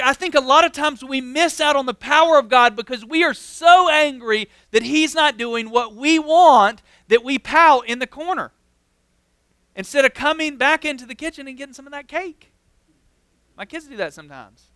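A young man preaching a relaxed, chatty sermon as a pastor, filling his talk with "like". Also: extremely high pitch, moderate pace, no room sound. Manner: casual, constantly says "like". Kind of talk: conversational sermon.

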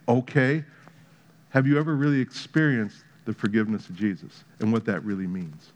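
Humorous preacher telling a story. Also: male voice, on the low side, normal speed, dull audio. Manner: storytelling with playful humor, building to emphatic excitement. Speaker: pastor. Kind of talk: sermon.

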